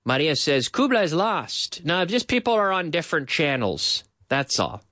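A man runs a live-streamed English lesson, drilling each phrase over and over and slipping between English and Spanish. His voice sits a bit high and swings widely in pitch. The sound is dry and close. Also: sing-song, pushed and bright, dry recording. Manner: drills phrases by repeating them slowly. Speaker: English teacher.

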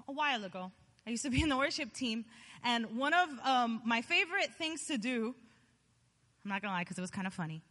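A woman preaching a sermon, animated and chatty, joking with her listeners as she tells a story. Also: high voice, big-room sound. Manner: animated, chatty, jokes with the audience.

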